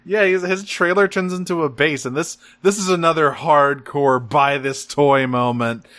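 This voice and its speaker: A man's voice: fairly high pitch, steady tone, normal speed, fairly bright tone. A man co-hosting a podcast, recapping cartoon episodes in casual, rambling chat with laughs. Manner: rambling, laughing recaps with acted-out character quotes. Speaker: podcast co-host.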